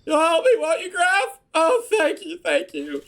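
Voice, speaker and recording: A man's voice: expressive, normal speed. A man doing a wailing French chocobo breeder. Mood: distraught. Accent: put-on French. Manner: melodramatic, wailing, high-strung. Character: frantic fussy male chocobo breeder.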